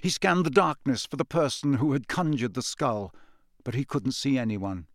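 A man narrating a fantasy storybook in a dramatic, expressive reading. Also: medium pitch, moderate pace, no echo, clean studio sound. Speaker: audiobook narrator.

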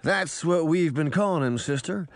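A man voices a friendly, folksy male spirit in a magic mirror, patiently explaining things, in a natural voice pitched above his own. His voice sits on the high side at a moderate pace. The recording is dry and studio quality.

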